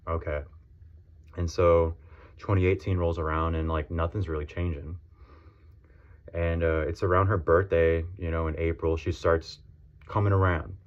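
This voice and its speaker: A man's voice: low voice, level tone, normal speed, long pauses. A man in his thirties telling a personal story as a casual vlog rant, blunt and profane, full of slang. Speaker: vlogger. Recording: dull lo-fi audio.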